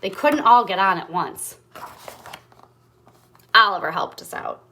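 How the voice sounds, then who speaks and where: A woman reading a picture book aloud to children in an animated way, stopping for asides to her young listeners. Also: medium pitch, unhurried, a little hiss or hum. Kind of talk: storybook read-aloud.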